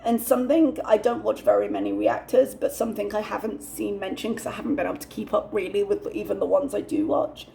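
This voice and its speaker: A woman's voice: mid-range voice, expressive, brisk, gravelly, few pauses, warm tone, slight background noise. A young woman hosting a reaction channel, ranting candidly and swearing freely as she comments.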